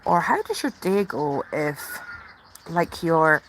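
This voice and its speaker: A woman hosting a casual live stream, chatting and gushing, sometimes dropping into excited whispers. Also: low voice, takes it slowly, slight background noise, low-quality recording. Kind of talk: casual live chat from the tub.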